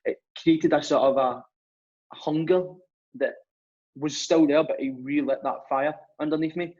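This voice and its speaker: A man's voice: on the high side, steady tone, moderate pace, a little mellow. A young man, a podcast guest telling his story in a chatty, rambling way. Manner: chatty, rambling, acts out dialogue. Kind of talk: casual storytelling. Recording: muffled lo-fi recording.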